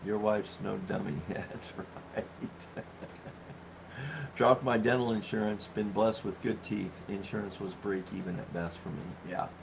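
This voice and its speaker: A man in his fifties hosts a casual livestream with a steady tone, normal speed and vocal fry. He chats easily, laughs often and reads viewer comments aloud, over dull low-fi stream audio with faint noise.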